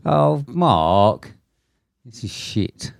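A man's voice: medium pitch, sing-song, drawn-out words, vocal fry, no echo, studio quality. A British man co-hosting a film podcast, chatting in a laid-back way, laughing and swearing freely. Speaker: podcast co-host. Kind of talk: casual chat.

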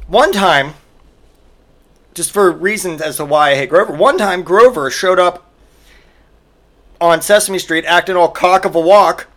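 A man's voice: sits high, fairly bright tone. A man hosting a podcast, delivering a profane solo comedic rant full of exaggerated mock outrage. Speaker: podcast host.

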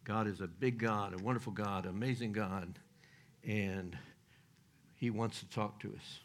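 An older man preaching in a rambling, folksy manner, breaking into chuckles and trailing off into restarts. His voice sits fairly low. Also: steady tone, unhurried. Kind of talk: sermon.

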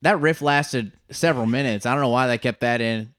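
A man co-hosting an improvised comedy podcast, calmly building the joke in a matter-of-fact way. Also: medium pitch, fairly quick, no echo, clean studio sound.

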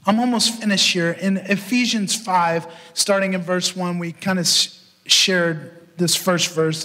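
A man preaching a sermon as pastor and podcast host, telling a story in an animated way and acting out the voices he quotes. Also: sits high, measured pace. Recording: long hall reverb.

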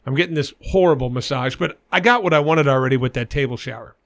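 Give me a middle-aged man with a gravelly edge telling crude stories in casual chat. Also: mid-range voice, fast talker. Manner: crude, animated anecdote-telling with frequent swearing. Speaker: podcast co-host.

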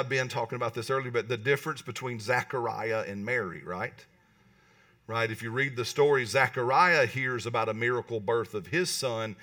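A man preaching a lively sermon in church, often asking the congregation "right?" and pausing for answers. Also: mid-range voice, recorded from a distance. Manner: animated, talks to the congregation with calls like "right?". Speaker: pastor. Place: church hall.

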